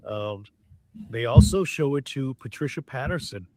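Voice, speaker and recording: A man casually and excitedly recapping a documentary on a podcast, often quoting the people in it. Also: medium pitch, moderate pace. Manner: excited retelling, quotes people. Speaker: podcast co-host.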